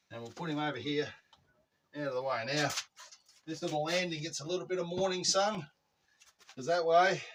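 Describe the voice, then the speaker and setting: Aussie bloke hosting his own backyard vlog, easygoing and rambling, voice a touch high, picked up from a distance outdoors. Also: background noise. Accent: Australian. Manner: laid-back, chatty, rambling asides. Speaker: channel host. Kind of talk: casual how-to vlog.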